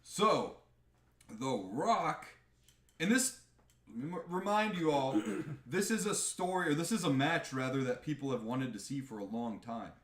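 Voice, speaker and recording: Animated, foul-mouthed man ranting on a podcast. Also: mid-range voice, a little slow, roomy sound. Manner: animated, profane ranting with mocking impressions. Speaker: podcast co-host. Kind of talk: casual live podcast chat.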